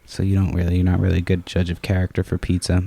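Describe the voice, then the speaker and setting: A man's voice: deep voice, completely flat delivery, fast, creaky, warm tone. A young man co-hosting a podcast, chatting casually and swearing freely while smoking. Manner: laid-back, swears a lot. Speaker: podcast co-host.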